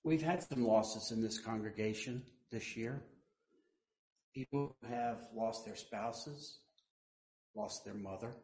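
A man preaching a sermon as pastor, telling stories and quoting people in hushed voices, then rising to loud emphasis. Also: on the low side, slow pace. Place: church sanctuary. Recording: echoey church room.

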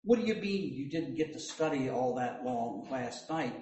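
A man preaching a sermon as pastor, slow and deliberate, with joking asides. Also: mid-range voice, expressive, darkish tone. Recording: echoey hall, mic at a distance.

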